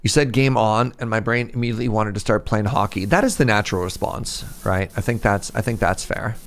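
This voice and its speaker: A man's voice: fairly low pitch, fast talker. A man live-streaming a game, chatting playfully with his viewers and making jokes. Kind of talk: casual live-stream chat.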